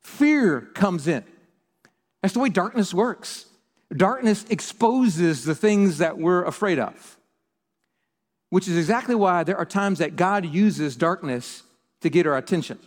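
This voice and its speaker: A man preaching a sermon, telling a story in an animated way with lots of restarts. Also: high-pitched, measured pace. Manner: animated storyteller, repeats words when excited. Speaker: pastor. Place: church hall. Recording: reverberant church hall.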